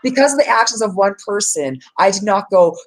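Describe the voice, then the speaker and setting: A woman hosting a casual livestream chat, emphatic and animated, often talking over her guest. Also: medium pitch, a little fast, poor audio. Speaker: livestream host.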